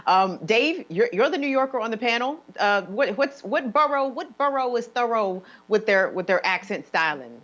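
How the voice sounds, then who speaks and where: A woman's voice: a little high, lively intonation, moderate pace, hardly any pauses, a bit bright, muffled recording. A woman hosting a casual panel show, teasing guests in a playful way. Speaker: show host.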